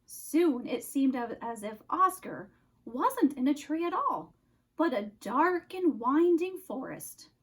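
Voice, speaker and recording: A woman reads a children's storybook aloud at an unhurried pace. Her voice is high and very lively, rising and falling with each turn of the story. She lingers on dramatic pauses. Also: rough recording. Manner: expressive, slow, dramatic pauses. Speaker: storyteller, counselor.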